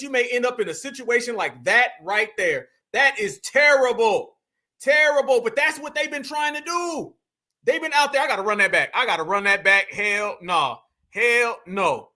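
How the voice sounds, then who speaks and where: A man hosting a show, giving animated, incredulous and profane slang-heavy commentary on video clips. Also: extremely high pitch. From United States. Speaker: show host.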